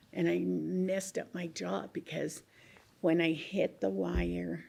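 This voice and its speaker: A woman's voice: fairly low pitch, a little mellow. An older woman, a retired coal miner, telling earthy stories in an oral history interview, swearing freely and laughing often. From Colorado. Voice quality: gravelly, husky.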